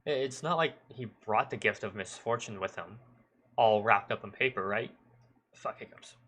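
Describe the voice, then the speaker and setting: A man streamer reading a visual novel aloud in measured narration with occasional stumbles. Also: on the low side, a bit bright.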